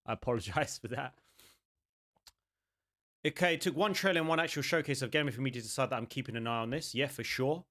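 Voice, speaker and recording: This young gaming-channel host talks quickly at a medium pitch, broken up by long pauses. He reacts to game trailers with excited, rambling banter full of jokes.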